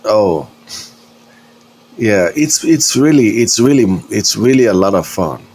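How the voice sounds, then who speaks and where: A man's voice: fairly low pitch, very animated, measured pace, darkish tone, husky. A man streaming a flight simulator, chatting casually in a rambling, hesitant way and chuckling often. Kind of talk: casual live-stream chat.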